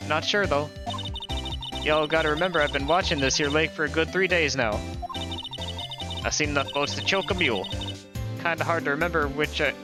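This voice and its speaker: A man's voice: a little high, brisk, pauses often, natural voice. A man voicing a feisty, folksy country woman from the American South in a put-on Southern drawl, with game music underneath. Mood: friendly.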